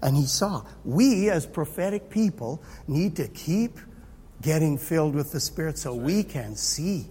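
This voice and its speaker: A man preaching a sermon in a conversational, animated way. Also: on the high side, a little slow, slight background noise. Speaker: pastor. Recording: long hall reverb.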